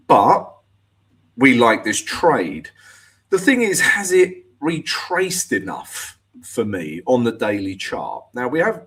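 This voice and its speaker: A man's voice: medium pitch, a bit bright, husky. Chatty man analyzing live charts. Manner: casual, chatty, addresses viewers as guys. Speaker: trading show host.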